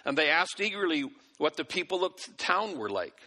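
A man's voice: fairly high pitch, big pitch swings, normal speed, bright, forceful tone. A male preacher giving a sermon, exhorting and folksy, with acted-out asides, in a church hall. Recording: long hall reverb.

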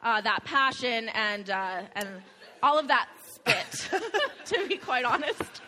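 Bright-voiced woman teasing from the stage. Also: a little high, big pitch swings, slow pace, long reverb tail, a little hiss or hum, rough recording. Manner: chatty, teasing, laughs often. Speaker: church teaching leader. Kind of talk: sermon with light banter.

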